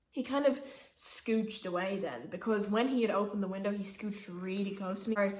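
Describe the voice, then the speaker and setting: A woman's voice: mid-range voice, moderate pace, a little mellow. A young woman telling a personal story in a chatty, casual way, peppering it with "like" and laughing asides. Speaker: vlogger. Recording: roomy echo.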